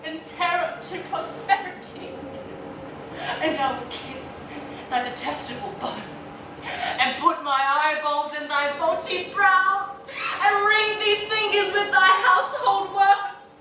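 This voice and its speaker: A woman playing a frantic grieving mother queen. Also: high voice. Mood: anguished. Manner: impassioned, swinging between wailing and bitter laughter. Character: grieving, frantic royal mother, half mad with loss. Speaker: acting student. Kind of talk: classical stage acting. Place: rehearsal room. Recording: echoey room taped from far off, noisy.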